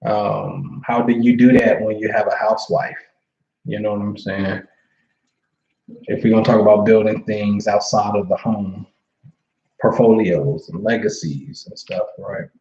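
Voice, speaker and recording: A man's voice: on the low side, steady tone, measured pace, vocal fry, dark tone, dull audio. Laid-back slangy man on a roomy stream. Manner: laid-back slangy talk, frequent "you know what I'm saying". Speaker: astrology livestream host. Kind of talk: casual livestream chat reading viewer comments.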